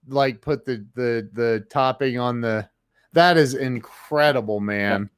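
A man's voice: mid-range voice, takes it slowly, clean tone, no echo, studio quality. A man hosting an interview, mostly giving short replies and sharing a brief story of his own. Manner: responsive listener, short affirmations. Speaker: podcast host. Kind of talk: casual interview chat.

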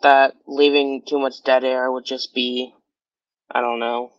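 A man's voice: medium pitch, level tone, a little slow, dry recording. A man co-hosting a casual podcast, talking hesitantly and a little self-consciously. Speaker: co-host. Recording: dry, dull lo-fi audio.

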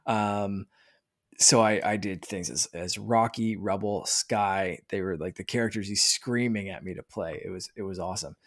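A man in his thirties chatting casually as a podcast host, talking with excitement and often restarting his sentences. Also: lowish voice, moderate pace. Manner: rambling, excited, many restarts. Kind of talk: casual chat.

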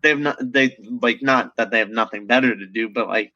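A man in casual chat, full of quick asides and filler words. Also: mid-range voice, sharp tone, muffled recording.

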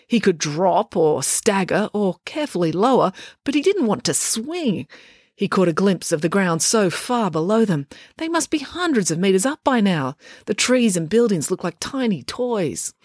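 A woman reading a children's adventure story aloud, lively and expressive. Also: mid-range voice, moderate pace, dry recording, studio quality. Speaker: audiobook reader. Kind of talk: scripted storybook narration.

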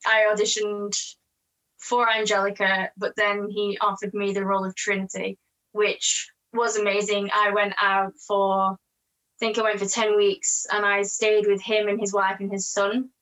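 An English woman gives an easygoing interview, chattering quickly between frequent laughs. Her voice sits at a middling pitch, and she tells stories in a bright, conversational flow. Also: monotone, poor audio. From England. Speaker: actress and guest. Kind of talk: casual interview chat.

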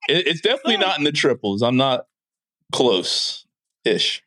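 A man's voice: mid-range voice, big pitch swings, moderate pace, bright, forceful tone, dry recording. A man on a podcast, chatting casually, stammering and joking. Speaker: podcast guest.

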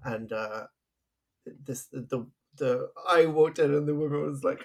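A man's voice: a little high, unhurried, creaky. A man, co-hosting a podcast, telling stories in a chatty way and laughing often. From England. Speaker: podcast co-host. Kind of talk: casual podcast chat.

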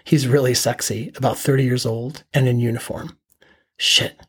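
A middle-aged man hosting a podcast, telling his own story in a calm, matter-of-fact present tense. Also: medium pitch, brisk, breathy edge. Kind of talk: first-person story narration.

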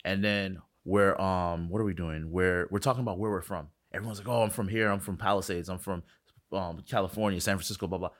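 A man from South Florida, a filmmaker guest telling excitable stories and acting out quotes in an interview. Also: low-pitched. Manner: fast, excitable storyteller, acts out quotes. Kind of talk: animated interview talk.

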